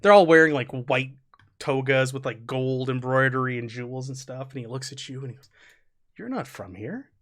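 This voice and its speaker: A man's voice: mid-range voice, flat delivery, brisk, fairly bright tone. A man narrating as game master of a tabletop game, describing scenes loosely with many fillers.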